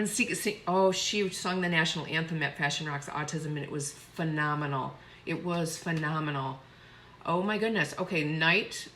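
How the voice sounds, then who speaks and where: A woman's voice: on the low side, moderate pace, bright, forceful tone. A woman chatting effusively while doing her makeup on a live stream. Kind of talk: casual live makeup tutorial.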